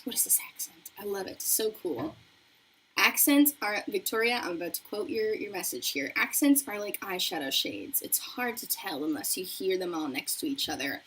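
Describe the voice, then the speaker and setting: A woman's voice: medium pitch, a bit bright, slight background noise. A young adult woman chatting casually on a beauty livestream, reading viewer comments and talking while she does her makeup. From not from New York. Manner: bubbly, chatty, easily distracted.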